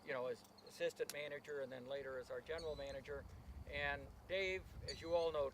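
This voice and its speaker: Man, board member, tribute speech, halting, somewhat high voice, clear outdoor noise. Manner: halting, with many restarts. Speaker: board member speaking at a celebration.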